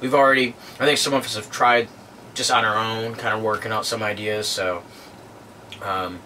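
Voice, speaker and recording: Man, bright lowish voice, loose rambling answers, slightly distant mic, faint background hum. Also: moderate pace. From born in London, raised in the US. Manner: relaxed, rambling with many fillers. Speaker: band guitarist. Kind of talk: casual interview answers.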